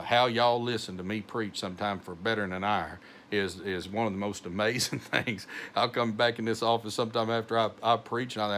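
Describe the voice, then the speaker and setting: A middle-aged pastor with a heavy North Texas accent talks slowly in a fairly low voice. He rambles, full of "uh"s and restarts, in a homely devotional message. A faint hiss of room noise sits under his voice. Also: fairly bright tone. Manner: slow, rambling, many fillers and restarts. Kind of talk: informal devotional talk.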